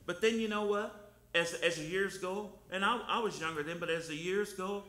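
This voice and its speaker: A man's voice: high voice, moderate pace, bright, forceful tone. A man preaching a sermon, telling folksy personal stories in plain, colloquial speech. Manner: folksy storytelling, colloquial grammar. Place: church sanctuary. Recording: echoey church room.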